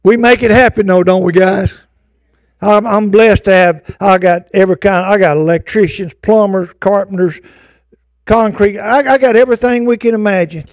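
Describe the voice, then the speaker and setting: A man's voice: sits high, normal speed, no room sound. An older man preaching a fervent sermon to his congregation, with folksy asides. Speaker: pastor. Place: church sanctuary.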